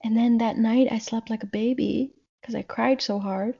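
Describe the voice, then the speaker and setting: A woman in her thirties speaks as a guest in a casual podcast talk, earnest and reflective, stretching words for emphasis. Her voice has a gravelly fry and sits at a middle pitch. The recording is dull and lo-fi. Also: steady tone, normal speed, dark tone. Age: 30s. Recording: dull lo-fi sound.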